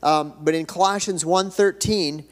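A man's voice: high-pitched, steady tone, measured pace. An older man preaching a sermon as pastor, folksy and conversational, building to emphatic declarations. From United States. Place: church sanctuary. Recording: reverberant church hall.

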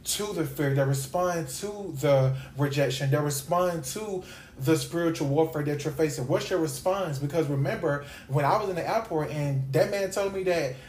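A man's voice: fairly high pitch, normal speed, darkish tone, a little hiss or hum. Emphatic preaching man, roomy sound. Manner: emphatic and repetitive, builds up lists. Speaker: podcast host and Bible teacher. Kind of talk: sermon-style podcast talk.

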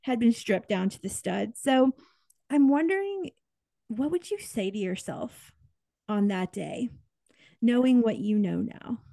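A woman in her thirties hosting a podcast interview, earnest and expressive, with upbeat affirmations. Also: fairly high pitch, a little slow, creaky, no room sound. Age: 30s. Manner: earnest, expressive, upbeat, tearful while reading aloud. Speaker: podcast host. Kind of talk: interview conversation.

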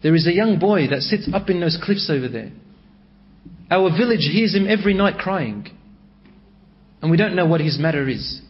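A plain village shepherd, as a man storyteller puts him on, matter-of-fact and a little puzzled. The voice sits high. It comes through a dull, lo-fi recording. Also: animated, normal speed, long pauses, natural voice.

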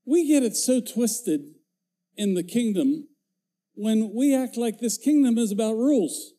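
A man's voice: extremely high pitch, lively intonation, unhurried, mellow. An older man preaching a folksy, joking sermon in a church, growing emphatic as he goes. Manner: folksy, jokey, grows emphatic. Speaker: former pastor, guest preacher. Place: church sanctuary.

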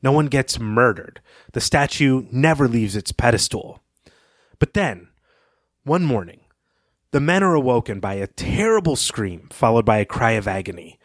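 A man's voice: medium pitch, big pitch swings, normal speed, no room sound, studio quality. A man co-hosting a book podcast, recapping and discussing a story in a conversational way. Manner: conversational, with fillers and occasional laughs.

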